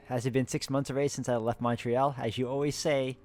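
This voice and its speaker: A man's voice: mid-range voice, steady tone, fairly quick, soft background music. A man hosting a co-op puzzle game playthrough, casually reading in-game letters aloud and chatting with a friend between them. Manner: reads letters plainly, breaks off to chat and laugh. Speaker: host, playing a co-op puzzle game.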